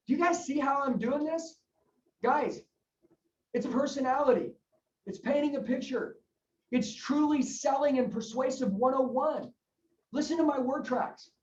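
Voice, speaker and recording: A man leading a sales training session, coaching with emphatic repetition and acting out talks with customers. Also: extremely high pitch. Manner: fast, emphatic, coaching, repeats key phrases. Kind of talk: energetic sales training talk with role-played customer dialogue. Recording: roomy, distant, slightly dull sound.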